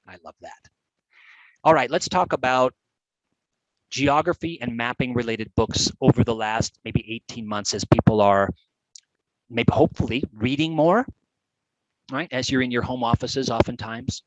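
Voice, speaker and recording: A man's voice: medium pitch, normal speed, long pauses, dry recording, poor audio. Enthusiastic man presenting a webcast. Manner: animated, chatty, with playful put-on voices. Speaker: GIS educator presenting a webcast.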